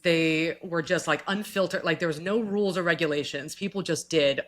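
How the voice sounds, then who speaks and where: A woman co-hosting a podcast, chatting with animated enthusiasm and frequent restarts. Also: sits low, a little fast. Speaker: podcast co-host. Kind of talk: casual chat.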